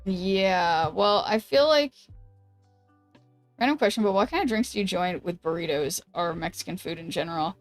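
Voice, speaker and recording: A woman streamer chatting casually while she plays a card game, thinking aloud and greeting viewers, with a voice that is going hoarse. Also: fairly low pitch, normal speed, dry recording, soft background music. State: losing her voice. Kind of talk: casual gameplay commentary.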